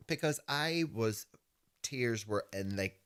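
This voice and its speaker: A man in his fifties with a Belfast accent, co-hosting a podcast and telling animated, laughing stories that act out voices. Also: fairly low pitch, takes it slowly, clear, resonant tone. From Northern Ireland. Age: 50s. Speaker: podcast host. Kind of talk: casual storytelling chat.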